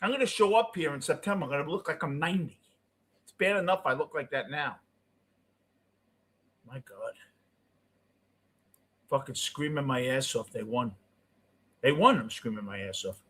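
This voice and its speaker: A middle-aged man with a New York accent ranting as a postgame show host, cursing and swinging between yelling and muttering. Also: a little high, moderate pace, pauses often. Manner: profane, swings from shouting to muttering. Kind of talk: ranting fan commentary.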